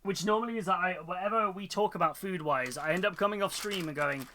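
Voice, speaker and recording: A British man talking casually to his live-stream audience. His voice is bright and sits a little high. He rambles cheerfully and laughs often. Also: fast, slight background noise. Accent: British English. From United Kingdom. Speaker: Twitch streamer painting miniatures.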